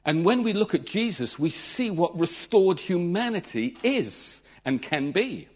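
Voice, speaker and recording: Animated male preacher, lively pitch. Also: unhurried. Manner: animated, dramatic retelling with acted-out voices. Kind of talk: sermon.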